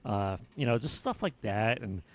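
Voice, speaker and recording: A man's voice: fairly low pitch, very animated, moderate pace, fairly bright tone. A man co-hosting a podcast in laid-back, chuckling casual chat. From United States. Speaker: podcast co-host.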